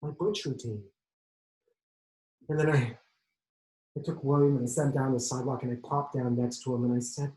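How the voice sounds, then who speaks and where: A man in his sixties from Arizona performs a personal stage monologue. He moves between hushed and loud, emotional delivery. An echoey room surrounds his voice. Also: steady tone, fairly quick, long pauses. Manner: emotional, with sharp swings in volume and pitch. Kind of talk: autobiographical theatrical monologue.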